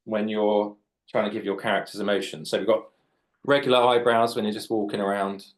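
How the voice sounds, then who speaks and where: Fairly quick and flat in delivery, his fairly low voice carries a live drawing demonstration for children. He's a children's author in his late 40s who chats, jokes and explains while drawing.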